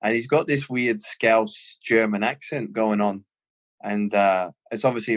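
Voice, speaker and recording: An Australian man in his thirties, a former footballer, telling lively anecdotes as a guest in an interview. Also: fairly low pitch, a little slow. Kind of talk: casual storytelling interview.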